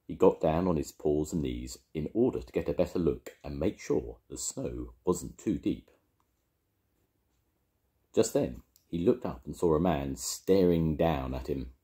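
An older man reading a children's picture book aloud to his grandchildren, lively and expressive. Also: a bass voice, unhurried. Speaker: storytelling grandfather.

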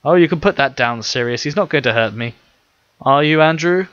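An upbeat, confident commander who talks with easy authority, read by a man in an audiobook. His voice rides a little higher and bright, on a slightly dull recording. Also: lively intonation, a little fast, dry recording. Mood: persuasive. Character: confident friendly male commander.

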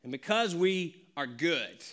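A male pastor delivers a casual, story-driven sermon in a church, his voice a touch high and bright. He jumps into acted-out dialogue and laughs along with his own stories. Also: slow pace. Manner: animated, laughing, acting out dialogue. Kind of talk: conversational sermon with family stories. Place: church sanctuary.

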